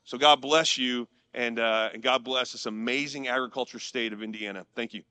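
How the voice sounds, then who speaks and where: A man, a public official, giving an earnest, heartfelt ceremonial speech with slow, emphatic phrasing. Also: medium pitch, steady tone, pushed and bright, clear, resonant tone, no echo.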